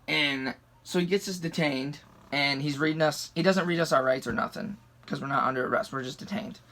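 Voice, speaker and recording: A man's voice: a little high, fairly quick, bright, forceful tone. A young man from the rural United States telling a story casually, heated and swearing constantly. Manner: profane, heated retelling.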